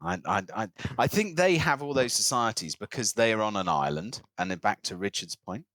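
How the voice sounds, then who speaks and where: A podcast co-host with a fairly low voice tells a long anecdote at normal speed during casual chat, recorded dry. He is animated and slips into character voices for the people in his story.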